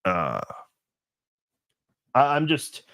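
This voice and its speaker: A man's voice: medium pitch, wildly swooping pitch, extremely slow, gravelly, fairly bright tone, no echo. A man hosting a casual live stream chat, thinking aloud with lots of restarts and fillers.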